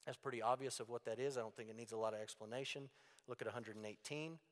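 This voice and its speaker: A male preacher with a mid-range voice, leaning hard on key words and then dropping to quiet asides. His voice carries a long reverb, as if he is speaking in a large hall. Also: medium pitch, fairly even intonation, fast. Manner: plain-spoken and emphatic, with sudden loud stresses and quiet asides. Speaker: Bible teacher. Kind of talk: sermon-style Bible teaching.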